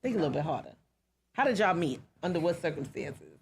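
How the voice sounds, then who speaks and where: A woman with a New York accent co-hosting a podcast, teasing and loud as she gives shout-outs. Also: low voice, sing-song, a little fast, slight background noise. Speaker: podcast co-host. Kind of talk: casual chat.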